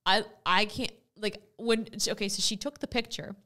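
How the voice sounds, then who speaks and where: This young woman co-hosts a podcast, telling a story in relaxed chat at a moderate pace in a mid-range voice. She brings it to life by acting out people's lines.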